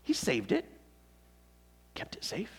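A man preaching a sermon in a conversational, animated storytelling way, full of asides. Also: slow. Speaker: pastor.

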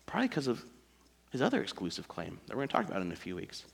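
A male pastor preaching a sermon, emphatic, with dramatic pauses and big swings between loud and soft. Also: fairly low pitch, huge pitch swings, gravelly, slightly rough.

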